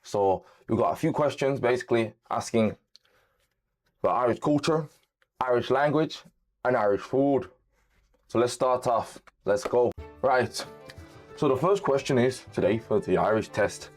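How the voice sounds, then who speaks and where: A man hosting a joking quiz vlog, energetic and tripping over his words, with light music behind. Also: on the low side. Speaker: vlogger.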